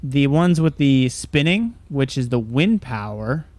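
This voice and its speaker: A man co-hosting a podcast, reading out news stories in a relaxed, halting way. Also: medium pitch, no room sound. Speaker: podcast co-host. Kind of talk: casual chat, reading headlines.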